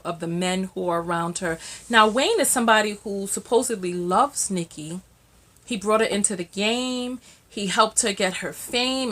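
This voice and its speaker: A woman's voice: medium pitch, a bit bright. A woman reacting to song lyrics in casual vlog commentary, repeating herself and sounding startled. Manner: repetitive, exclamatory and startled. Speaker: reaction vlogger.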